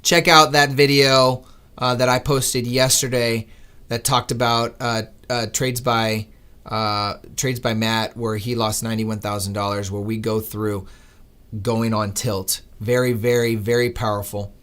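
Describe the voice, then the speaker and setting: A man hosting a live trading stream, talking to viewers in an earnest, animated, motivational way. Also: mid-range voice, a little slow, clean tone. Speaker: day-trading livestream host. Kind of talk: casual livestream talk.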